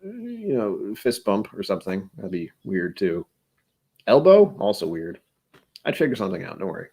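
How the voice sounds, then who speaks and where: Dude rambling on his own vlog, low voice but super bouncy, jokes at his own expense. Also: wildly swooping pitch, normal speed, warm tone, slightly rough. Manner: rambling, self-deprecating humor. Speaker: vlog host. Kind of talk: casual solo musing.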